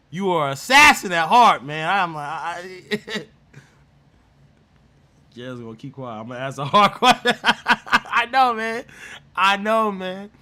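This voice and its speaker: Man, gaming host, casual chat, slangy and teasing, laughs a lot, bright tense voice, animated pitch.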